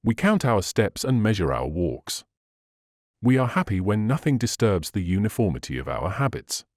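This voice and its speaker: A man's voice: on the low side, wildly swooping pitch, normal speed, no room sound, studio quality, heavily acted. A man reading the part of a pompous, impatient middle-aged burgomaster in an audiobook, speaking emphatically and indignantly. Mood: measured.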